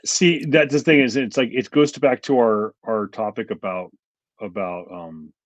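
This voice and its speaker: A man's voice: on the low side, normal speed, dry recording, muffled recording. A man co-hosting a podcast in casual chat, talking in a laid-back, hesitant way with many fillers. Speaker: podcast co-host.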